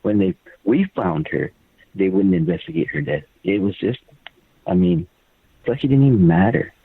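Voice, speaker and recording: An older man, a guest and a father, telling a personal account on a phone line in a halting way, repeating and stumbling over his words. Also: low voice, lively intonation, a little hiss or hum.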